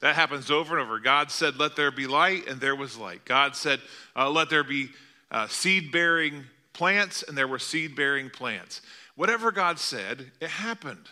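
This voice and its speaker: A man's voice: on the high side, lively intonation, moderate pace, sharp tone. A middle-aged male pastor preaching a sermon in an earnest, conversational way, asking the congregation rhetorical questions.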